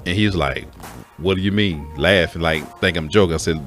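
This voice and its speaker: A man's voice: rumbling low, normal speed, faint music behind. A man telling a personal story in a candid, profane way, speaking straight to his listeners as folks. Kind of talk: casual spoken story.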